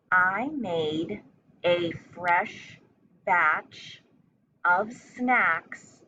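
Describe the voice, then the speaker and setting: A woman teacher slowly dictating a spelling test, repeating each word and sentence with care. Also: fairly low pitch, fairly bright tone, far from the mic, highs cut off, slight background noise. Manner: slow, careful dictation with repeated words.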